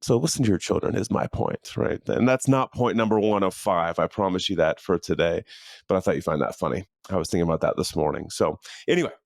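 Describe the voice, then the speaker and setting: Middle-aged male podcast host, lower pitch, earnest and conversational, dry close studio mic in a home office. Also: fast talker, creaky, no room sound. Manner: earnest, conversational, with frequent fillers and restarts. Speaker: podcast host and leadership coach. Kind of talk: casual motivational monologue. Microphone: studio microphone in a home office.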